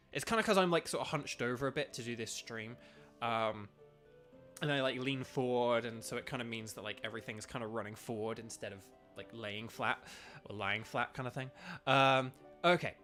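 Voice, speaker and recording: Streaming a video game, a young British streamer and voice actor chats in a rambling, filler-heavy way. He has a mid-range voice with a fairly bright tone.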